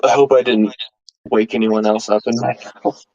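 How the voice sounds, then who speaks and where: A man's voice: mid-range voice, very animated, slow, darkish tone. A man chatting over voice chat during a live reaction stream, easygoing, laughing often and stumbling over repeated words. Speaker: guest on voice chat. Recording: dull lo-fi voice chat audio.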